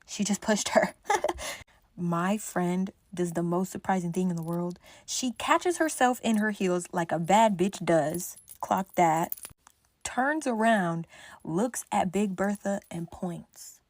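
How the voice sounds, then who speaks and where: A young woman telling a wild party story in casual storytime style, animated, swearing freely and acting out what people said. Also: lowish voice, slow pace, no echo.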